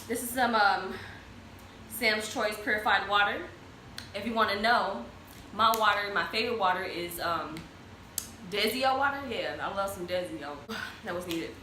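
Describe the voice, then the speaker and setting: A woman's voice: mid-range voice, normal speed, long pauses, sharp tone. A young woman vlogging casually at home, chatting while she eats in front of her camera. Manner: chatty, eating while talking. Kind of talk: casual mukbang chat. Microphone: camera mic. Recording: echoey room, faint ambient noise.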